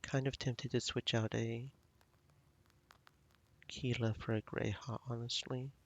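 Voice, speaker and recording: A man's voice: medium pitch, little pitch movement, slow, lo-fi sound. A man streaming a video game, thinking aloud in casual, rambling commentary. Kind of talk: casual let's play commentary.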